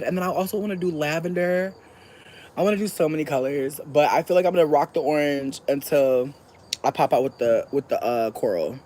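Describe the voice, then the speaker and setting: A woman streamer chatting casually with her viewers, swearing freely and laughing loudly. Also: deep voice, slight background noise. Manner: profane, animated, laughs loudly. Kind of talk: casual chat.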